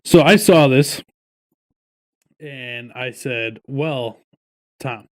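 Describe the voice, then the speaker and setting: A man's voice: a little high, slow, pauses often. A man co-hosting a podcast, ranting and swearing while telling casual stories. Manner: profane, ranting, animated storytelling. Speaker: podcast co-host.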